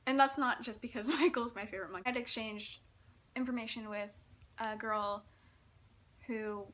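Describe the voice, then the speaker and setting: A woman's voice: a little high, steady tone, normal speed, a bit bright. A young woman from Texas telling a story in a chatty vlog, giggling often and saying "like" a lot. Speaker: vlogger.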